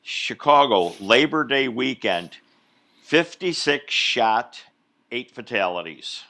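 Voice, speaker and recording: A man's voice: mid-range voice, expressive, slow, pushed and bright. A man co-hosting a casual podcast, sardonic as he reads out numbers and news. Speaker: podcast co-host.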